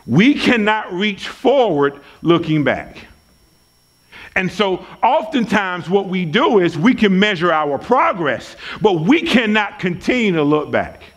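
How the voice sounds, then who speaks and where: A pastor preaching at a church service speaks in a high-sitting, sing-song, unhurried voice. He is emphatic and folksy, conversational with folksy asides, and repeats key lines for weight.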